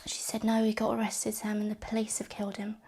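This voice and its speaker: A woman recounts her family's loss in an interview, her speech halting and full of restarts. Her voice is gravelly and stays flat in pitch, at a middle height for a woman. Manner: halting, with repeated words and restarts. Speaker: bereaved sister interviewed. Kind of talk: personal testimony interview.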